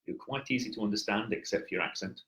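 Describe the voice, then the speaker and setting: A man's voice: on the low side, fast, bright, forceful tone, low-quality recording. A man giving presentation coaching on a video call, explaining things patiently with wry, dry humor. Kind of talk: coaching feedback chat. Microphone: headset.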